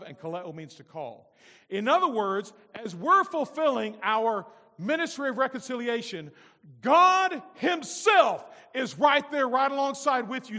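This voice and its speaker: A man preaching a sermon as pastor, moving between loud emphatic lines and soft, low-spoken asides. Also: big-room sound.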